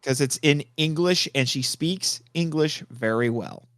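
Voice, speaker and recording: Excitable man, higher voice. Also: unhurried, no room sound, clean studio sound. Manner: excitable, laughs often, changes his mind mid-thought. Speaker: podcast guest. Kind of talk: casual podcast chat.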